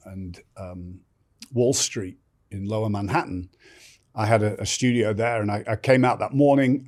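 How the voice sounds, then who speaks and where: Older man, low voice, blunt storyteller. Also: a little mellow. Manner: blunt, swears freely, restarts sentences. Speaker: podcast guest. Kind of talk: candid storytelling in conversation.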